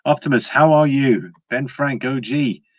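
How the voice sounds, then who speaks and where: A man's voice: mid-range voice, unhurried, slightly rough, no echo. Man, livestream host, casual chatty talk, frequent laughs, dry close mic, slightly muffled. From Britain. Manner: chatty, laughs often, restarts words.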